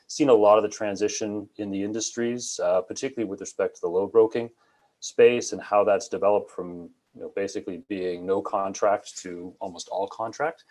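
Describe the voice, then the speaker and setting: A man's voice: on the low side, normal speed. Canadian man introducing himself. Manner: relaxed, with many fillers. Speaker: insurance broker guest. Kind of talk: self-introduction on a live panel.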